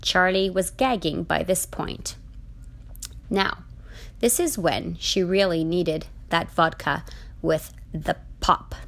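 Slow, deadpan woman storyteller. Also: fairly low pitch, vocal fry. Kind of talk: comic short-story narration.

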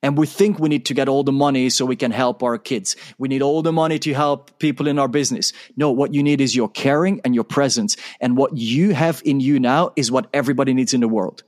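A man's voice: medium pitch, fairly quick, few pauses. A man guesting on an interview show tells a story with energy. He acts out the conversation, switching between his own lines and the other person's.

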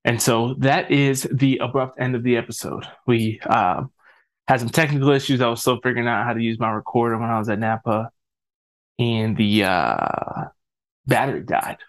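A man's voice: mid-range voice, normal speed. A man hosting a podcast, playful and teasing, laughing often as he asks questions. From Canada. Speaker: podcast host. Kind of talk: casual interview chat.

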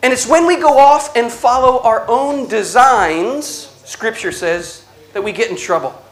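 A man giving an inspirational religious talk, telling stories slowly with dramatic pauses and a playful, animated delivery. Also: extremely high pitch. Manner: slow dramatic storytelling with pauses. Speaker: Catholic speaker.

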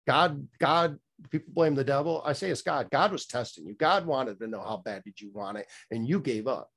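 A man's voice: medium pitch, moderate pace, a bit bright, breathy edge. A middle-aged man telling a candid personal story as a guest, rambling with many fillers and restarts, blunt and a little profane.

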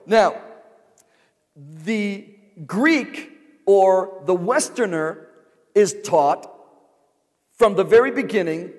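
A man's voice: high-pitched, animated, extremely slow, pauses often, a little mellow. A man preaching a sermon as pastor, calling out questions for the congregation to answer. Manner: call-and-response preaching, repeated rhetorical questions to the congregation. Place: large church sanctuary. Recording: long reverb of a large hall.

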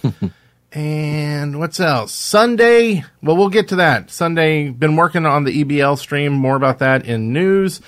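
A man's voice: fairly high pitch, lively intonation, measured pace, a bit bright, dry recording. A man from Alabama, co-hosting a podcast in casual chat, rambling with many fillers and frequent laughs. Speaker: podcast co-host.

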